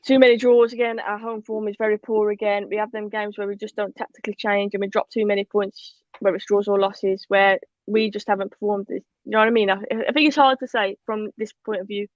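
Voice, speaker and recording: A woman co-hosting a casual live football talk show, chatty and animated, reading out viewer comments. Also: medium pitch, a little fast, hardly any pauses, no echo, dull audio. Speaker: podcast co-host.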